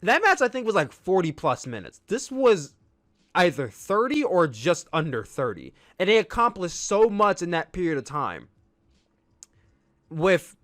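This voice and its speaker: Male podcast host, fairly high voice, dry close sound, eager and rambling. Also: sing-song, a little slow, a bit bright, dry recording. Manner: enthusiastic, rambling with restarts. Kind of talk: casual wrestling review.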